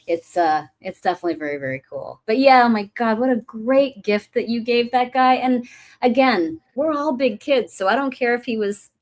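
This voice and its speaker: A woman's voice: fairly high pitch, animated, normal speed. A woman who mentions her acting teacher, a guest on a livestream, talking in an enthusiastic and gushing way. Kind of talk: casual chat.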